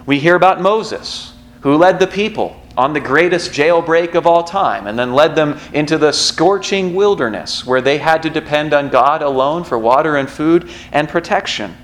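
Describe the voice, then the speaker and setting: A man with a somewhat high voice preaches a sermon from a church pulpit. He talks in a loose, conversational way, slipping into personal stories and asides before returning to scripture. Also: moderate pace, hardly any pauses. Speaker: pastor.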